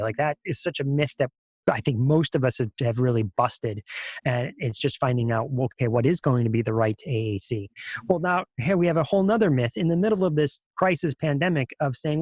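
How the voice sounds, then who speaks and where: A man's voice: a little high, a little fast, a little mellow, no echo. A man co-hosting a podcast, joking sarcastically and then getting fired up about his point. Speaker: podcast co-host. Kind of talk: casual podcast chat.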